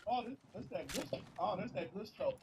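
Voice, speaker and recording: A woman voicing a cheeky, excitable pet animal that keeps up a sassy, bossy running commentary. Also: medium pitch, fairly quick, close to an everyday voice. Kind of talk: comic pet voice-over. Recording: home video with clear background noise.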